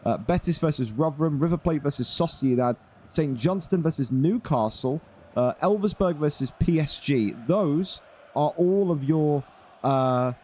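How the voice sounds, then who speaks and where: A man's voice: medium pitch, warm tone. A young man chatting casually on a live stream, running a gaming league. He is blunt and swears freely.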